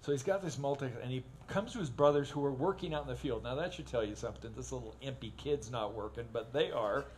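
A man preaching from the pulpit in a relaxed, folksy way, his voice sitting at an ordinary middle pitch. He breaks into funny stories and acts out the people in them with growing energy. A faint hum of the church is audible behind him. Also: fast talker, few pauses. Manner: folksy, animated when acting out stories. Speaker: pastor. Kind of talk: sermon with humorous storytelling. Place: church sanctuary.

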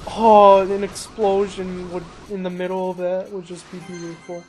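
A man casually commentating his own racing gameplay, excitable and self-mocking, talking to himself as he plays. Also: sits high, normal speed. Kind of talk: casual let's-play commentary. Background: engine noise and crashes from the game.

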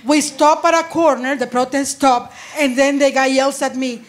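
High-voiced woman doing live stand-up. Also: normal speed. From Nicaragua. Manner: animated, chants and shouts slogans, laughs through punchlines. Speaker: stand-up comedian. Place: comedy stage before a laughing audience.

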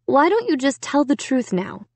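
Woman reading as storybook mom, gently insistent, dry close recording. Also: sits high, big pitch swings, normal speed, dry recording, voice pushed up. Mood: coaxing. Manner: calling through a door, coaxing. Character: patient but firm mother.

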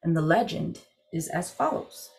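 Low-voiced woman telling a legend. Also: expressive, vocal fry, slight background noise. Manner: measured, deliberate storytelling. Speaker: program director telling a legend. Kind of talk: traditional storytelling narration.

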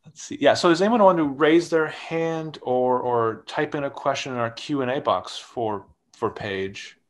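A man's voice: mid-range voice, moderate pace, a little hiss or hum. A man hosts a question-and-answer session over a video call. He sounds enthusiastic and eager, and his speech is loose and full of fillers. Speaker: library host.

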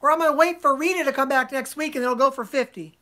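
A woman co-hosting a live online sale, calling out bids in brisk, teasing casual chat. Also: high-pitched, sharp tone.

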